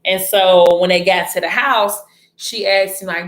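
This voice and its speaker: A woman's voice: lowish voice, steady tone, unhurried. Chatty woman retelling a story, echoey room. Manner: chatty, breaks off to scold someone nearby. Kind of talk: casual retelling of a story to camera.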